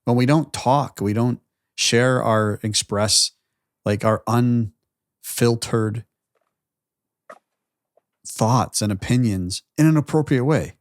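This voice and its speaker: Married guy on a call thinking out loud, dry sound. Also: mid-range voice, takes it slowly, pauses often, no room sound. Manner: reflective. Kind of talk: casual panel discussion. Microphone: video call.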